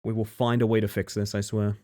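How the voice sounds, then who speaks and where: A man's voice: on the low side, flat delivery, brisk, a little mellow. A man live-streaming a game, chatting casually and dryly to his viewers with self-mocking asides. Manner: dry, self-mocking, talks to chat.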